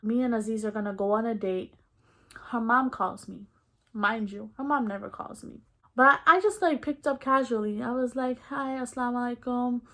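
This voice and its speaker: A young adult woman vlogger with a fairly high voice tells a personal story at a moderate pace. She's candid, expressive and slangy, acting out the quoted dialogue as she goes.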